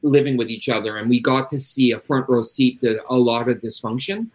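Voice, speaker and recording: A middle-aged man speaks in a casual interview as an addiction interventionist. His voice sits in an ordinary middle pitch, and he talks bluntly and emphatically, swearing freely as he makes his points. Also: fairly quick, poor audio.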